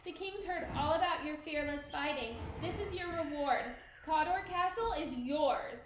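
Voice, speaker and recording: A cheery lord announces good news in a bright tone, read aloud by a woman. High voice, echoey room, faint hiss. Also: measured pace.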